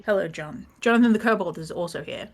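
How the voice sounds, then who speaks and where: A woman's voice: lowish voice, fast, creaky. A woman casually recapping the last session of a tabletop game, rambling, laughing and swearing as she quotes the characters.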